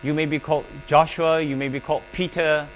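Guy preaching a sermon, kinda high voice, slow emphatic delivery, faint hum behind. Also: level tone, rough recording. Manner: emphatic, with pauses and call-and-response prompts.

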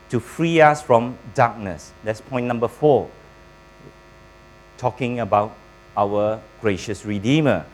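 A male pastor delivering a sermon at an unhurried, measured pace, breaking his thoughts into short phrases. He asks his listeners questions and prompts them to answer. A faint electrical hum sits under the voice. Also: medium pitch, low-quality recording. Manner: preaching with pauses, quizzing the congregation.

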